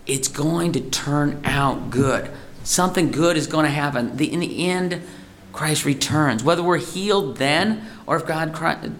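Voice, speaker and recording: A man's voice: a little high, a bit bright, slight background noise. A man giving an informal, conversational sermon as a lay preacher, rambling and heartfelt. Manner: conversational, rambling, gets emotional.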